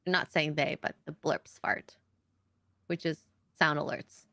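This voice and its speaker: A woman's voice: sits low, fairly even intonation, a little slow, vocal fry, a bit bright, no echo, studio quality. A woman co-hosting a casual chat stream, reading news stories aloud in an easygoing way. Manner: reads articles aloud, easygoing. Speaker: stream co-host.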